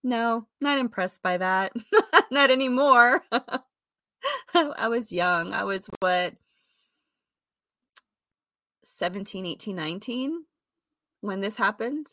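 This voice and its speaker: A woman candidly telling a personal story in a rambling way, often correcting herself, with fillers and soft laughs. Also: fairly high pitch, animated, takes it slowly, long pauses, no room sound, studio quality.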